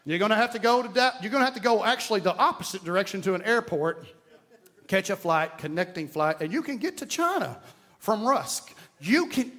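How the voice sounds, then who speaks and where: A male pastor with an East Texas accent, his voice pitched very high for a man. He preaches emphatically, repeating his key lines for effect and weaving in folksy jokes. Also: lively intonation, fairly quick, fairly bright tone. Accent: Southern US, East Texas. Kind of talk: sermon.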